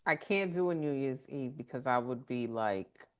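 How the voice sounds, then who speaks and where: A woman co-hosting a podcast, chatting casually and reacting quickly to the others. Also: rumbling low, animated, smooth. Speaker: podcast co-host. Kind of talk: casual chat.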